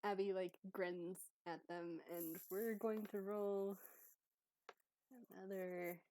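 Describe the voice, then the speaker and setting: A woman playing a tabletop role-playing game, narrating her character's actions and voicing her lines in bursts, halting and laughing often. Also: a little hiss or hum. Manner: giggly, halting, speaks her character's lines in a high excited voice. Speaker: player.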